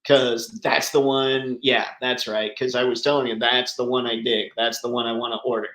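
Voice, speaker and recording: A man's voice: mid-range voice, little pitch movement, normal speed, a bit bright, roomy sound, poor audio. A man hosting a casual livestream chat, talking enthusiastically and answering viewers by name. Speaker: livestream host.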